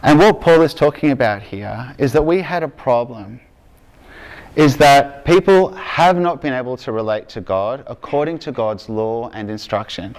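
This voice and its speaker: A man's voice: medium pitch, animated, moderate pace, a little mellow. A man with an Australian accent, raised in Argentina, preaching a sermon in a casual, storytelling way that keeps checking in with the congregation. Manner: conversational, checks in with "okay?" and "right?".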